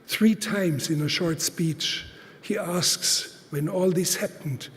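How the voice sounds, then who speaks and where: A man giving a public lecture at a conference, speaking deliberately and emphatically with many halting pauses. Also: fairly high pitch. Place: large conference hall. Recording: reverberant hall.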